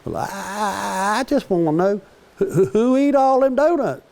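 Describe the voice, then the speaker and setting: A man's voice: sits high, a little slow, gravelly, darkish tone, pitched above the performer's own voice. An older man voicing his small grandson, a little boy who stutters on first sounds. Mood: stuttering.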